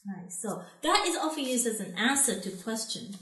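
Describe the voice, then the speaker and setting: A woman's voice: a little high, lively intonation, moderate pace, a bit bright, reverberant. A Japanese woman co-hosting a casual language lesson, speaking slightly broken English and laughing often. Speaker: co-host teaching Japanese.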